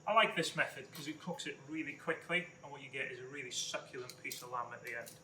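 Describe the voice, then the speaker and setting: A man's voice: medium pitch, fast talker, echoey room, noisy background. Man chef guiding a cooking demo. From Wales. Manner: relaxed step-by-step instruction. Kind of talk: cooking demonstration.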